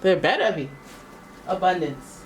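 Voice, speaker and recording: Chatty woman reading tarot, lowish voice. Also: expressive, unhurried, recorded from a distance, a little hiss or hum, poor audio. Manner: chatty, playful, exclaiming at cards. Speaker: tarot reader.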